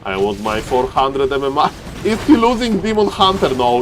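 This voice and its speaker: A man casting a strategy game live, excitable and joking, often breaking into laughter. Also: fairly high pitch, moderate pace, a little hiss or hum. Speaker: game caster.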